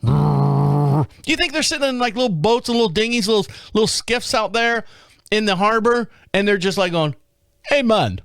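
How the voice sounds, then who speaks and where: A man hosts a podcast, reading stories in a loose, joking way and tripping over the odd word. His voice runs high for a man. The recording is close and completely dry. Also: brisk, a bit bright, clean tone, no room sound. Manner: jokey asides, stumbles over words. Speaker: podcast host. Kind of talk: casual commentary reading news stories.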